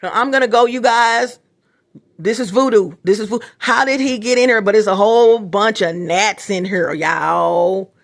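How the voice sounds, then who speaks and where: A middle-aged woman with a medium-pitched voice speaks at a moderate pace in a casual vlog. Talking directly to her viewers, she rambles, repeats herself and restarts often.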